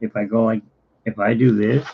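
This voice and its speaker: A man vlogging casually at home, rambling to the camera and talking softly to his cat. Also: little pitch movement, moderate pace, a little hiss or hum. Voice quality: gravelly, husky. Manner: rambling, talks to his cat, often drops to a low, quiet voice. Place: home, indoors. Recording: dull lo-fi home recording.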